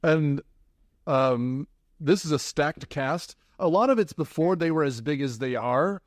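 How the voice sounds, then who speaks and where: Man, podcast host, slightly higher voice, rambling and hesitant, dry close recording. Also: expressive, measured pace, no room sound. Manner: rambling, hesitant, often laughing. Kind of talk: casual movie podcast chat.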